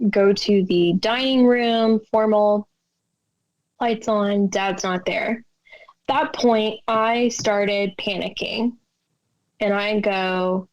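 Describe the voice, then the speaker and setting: A woman's voice: mid-range voice, a little mellow, lo-fi sound. A woman as a podcast guest, telling a personal story with emotion and acting out the lines of people in it. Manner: emotional storytelling, acts out quotes.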